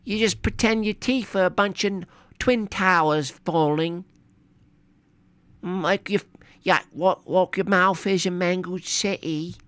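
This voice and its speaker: A man's voice: high-pitched, fairly bright tone, clean tone, no echo, voice pushed up. A man putting on a mock British bloke. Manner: slow, mocking, deliberately mangled British accent. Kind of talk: livestream chat.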